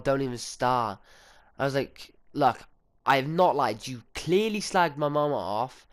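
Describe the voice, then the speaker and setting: Teen lad, storytime vlogger, clear smooth voice, mid pitch, casual and sweary. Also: male voice, a little slow. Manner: sweary, chatty, full of fillers and quoted dialogue.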